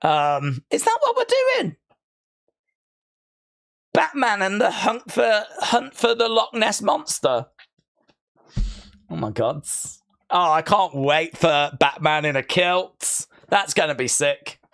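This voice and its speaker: A man hosting a live watch-along stream in a casual, chatty way. He reads out viewer comments and riffs on them. His voice sits a little high and swings lively up and down. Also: slow, vocal fry.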